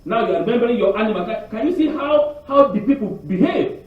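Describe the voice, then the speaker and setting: Guy preaching a torah portion, really high voice, asks the room lots of questions, super echoey and far from the mic. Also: quick pace. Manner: animated preaching with rhetorical questions to the congregation; repeats words and restarts often. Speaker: congregation teacher. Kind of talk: sermon on the weekly Torah portion. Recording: very echoey, distant, dull lo-fi.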